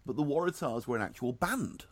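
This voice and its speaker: A man's voice: mid-range voice, lively intonation, brisk, breathy edge, no room sound. A middle-aged man, giving dry, sardonic film and music reviews in casual radio chat.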